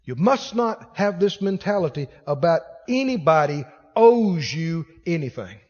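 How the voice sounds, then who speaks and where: A man preaches to his congregation with a high, lively voice that leaps around as he acts out the people in his stories. His words ring out through a reverberant church hall, where the sound hangs in the air. He speaks from the pulpit through a handheld or clip-on mic. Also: unhurried. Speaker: pastor. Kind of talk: sermon.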